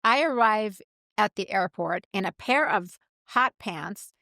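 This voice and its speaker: A middle-aged woman co-hosting a podcast, chatting casually and telling an animated story with acted-out quotes. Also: mid-range voice, measured pace, vocal fry, no room sound, clean studio sound. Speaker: podcast co-host. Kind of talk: casual chat.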